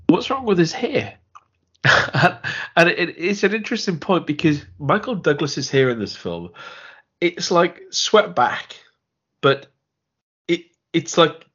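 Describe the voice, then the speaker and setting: A man's voice: fairly high pitch, fairly bright tone, husky, highs cut off. A man co-hosting a film podcast in a casual, rambling way, often repeating words and laughing as he talks. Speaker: podcast co-host.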